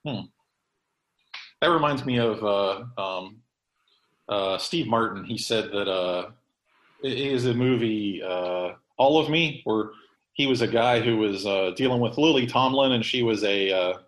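A man's voice: lowish voice, a little slow, roomy sound, rough recording. Rambling man hosting a podcast. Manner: rambling, many fillers and restarts. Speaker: podcast host. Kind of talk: casual chat.

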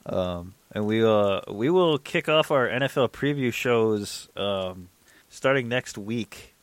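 Male podcast host, low voice, dry close sound, easygoing and joking. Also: lively intonation, slow pace, clean tone, no room sound. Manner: laid-back, teasing, laughs often. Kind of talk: casual chat.

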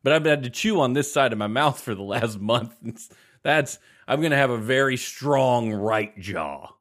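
A man's voice: medium pitch, animated, moderate pace, a bit bright. A man telling a long story in casual podcast chat, rambling and laughing as he goes. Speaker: podcast host.

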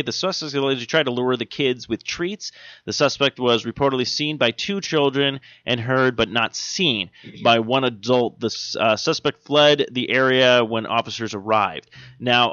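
A man's voice: mid-range voice, sharp tone. A man chatting casually on a podcast, trailing off into ums and restarts as he jokes his way through odd news stories. The sound is dull and dry, like a plain home setup with no room echo. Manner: rambling, jokey, many fillers and restarts. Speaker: podcast co-host.

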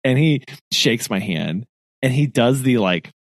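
A man's voice: medium pitch, measured pace, no echo, clean studio sound. A man co-hosting a podcast, telling a story in casual chat, laughing often and acting out the people in it. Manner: animated, laughing often, acts out quoted voices. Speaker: podcast co-host.

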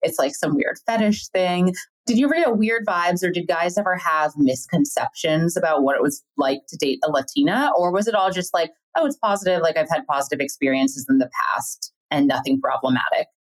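A woman from the United States hosting a podcast, chatty and quick to laugh while asking questions. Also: low voice, poor audio. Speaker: podcast host. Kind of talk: casual interview chat.

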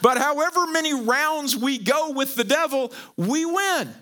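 A middle-aged man preaching a sermon, animated and joking, often repeating his words as he goes. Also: very high-pitched, a little slow. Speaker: pastor.

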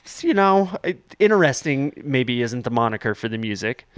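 A man's voice: mid-range voice, sing-song, normal speed, fairly bright tone, smooth, dry recording, clean studio sound. A man hosting a podcast in loose, joking casual chat, swearing and laughing often. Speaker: podcast host.

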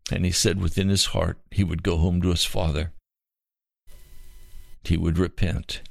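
A man narrating a Christian story in an earnest, measured way. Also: medium pitch, gravelly, no room sound, studio quality.

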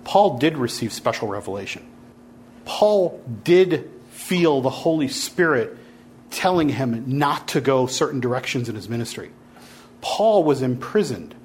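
A man's voice: medium pitch, lively intonation, measured pace, a little hiss or hum. A man teaching a Bible class, lecturing and challenging his students to argue back.

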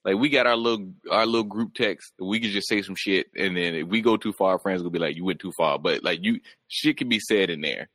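Man, lowish voice, podcast co-host, rambling joking chat, dry close sound. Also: brisk, few pauses, fairly bright tone, dry recording. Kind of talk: casual chat reacting to a clip.

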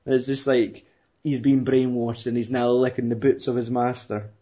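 A man's voice: mid-range voice, flat delivery, normal speed, mellow. A young man rambling, swearing and laughing as he retells a film in casual chat. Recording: dull lo-fi recording.

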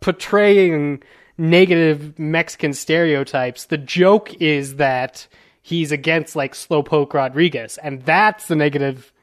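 Halting American man hosting a chat. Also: a little high. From United States. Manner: halting, many fillers and restarts. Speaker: podcast host. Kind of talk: casual panel chat. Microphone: video call.

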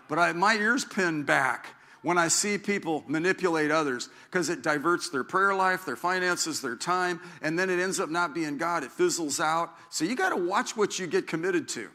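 A man's voice: a little high, expressive, moderate pace, sharp tone. A middle-aged man preaching a conversational sermon as pastor. He rambles with self-deprecating asides and frequent restarts.

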